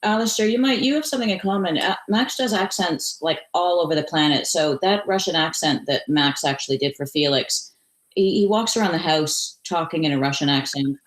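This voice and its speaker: A woman chatting casually on a podcast, enthusiastic and warm. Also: low voice, fairly quick, reverberant, poor audio. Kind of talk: casual chat.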